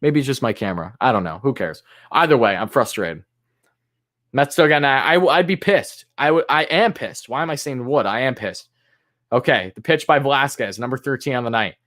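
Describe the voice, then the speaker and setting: A male fan commentator doing live play-by-play on his own stream, his voice sitting at an everyday middle pitch. He gripes, swears and sounds exasperated at bad calls, and his voice leaps up when a pitch comes in. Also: lively intonation, a little fast, fairly bright tone. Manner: exasperated, swearing, griping about umpires; voice jumps high on big pitches.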